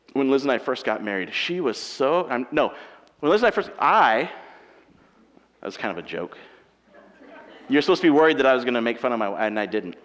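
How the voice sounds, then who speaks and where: A married man preaching a sermon with animated, self-mocking humor, acting out everyday quarrels. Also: medium pitch. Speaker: pastor. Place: church auditorium. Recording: long reverb of a large hall.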